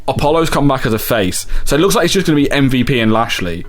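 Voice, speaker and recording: A man's voice: mid-range voice, expressive, fast talker. A man co-hosting a podcast in casual, rambling chat, often mimicking voices mockingly. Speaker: podcast co-host.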